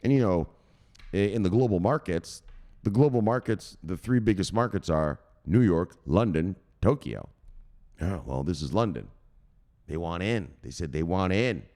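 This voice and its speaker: A low-voiced man hosts a crypto news show in a loose, profane commentary style. His pitch jumps around animatedly as he gets excited, and he keeps hammering his points home with a punchy "bang." He sounds casual and worked-up rather than scripted. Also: moderate pace. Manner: excitable, swears freely, punctuates points with "bang".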